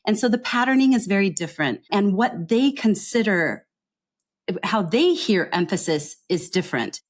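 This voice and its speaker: A woman giving a podcast interview as a pronunciation coach, explaining her work earnestly and often checking in with a quick "right?". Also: mid-range voice, very animated.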